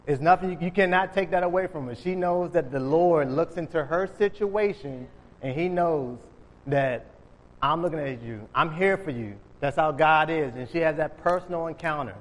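A man's voice: on the high side, normal speed. Man preaching casually in a reverberant hall. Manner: conversational, acts out Bible figures in casual modern speech. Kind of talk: informal sermon.

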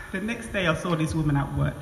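A woman giving a church testimony, telling her story in an animated way, laughing often and acting out conversations. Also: deep voice, fairly quick, vocal fry, a little hiss or hum. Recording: echoey hall with long reverb.

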